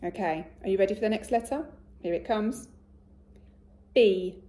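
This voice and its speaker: A woman teacher giving a recorded phonics lesson to young children, speaking slowly and clearly and praising often. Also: medium pitch, warm tone. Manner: slow, clear and encouraging, with much praise. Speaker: primary school teacher.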